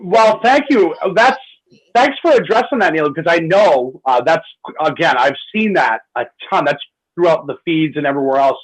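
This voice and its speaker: Talk radio host, male, husky, animated delivery, higher register. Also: moderate pace, rough recording. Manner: animated, acts out quoted voices. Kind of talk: impassioned talk radio monologue.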